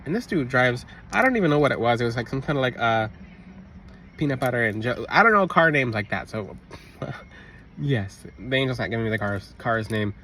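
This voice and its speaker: A man telling a personal story in a casual, rambling monologue, interrupting himself and bursting into loud re-enacted shouts. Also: mid-range voice, lively intonation, brisk. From Florida. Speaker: religious vlogger. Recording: slightly distant mic, faint outdoor traffic noise.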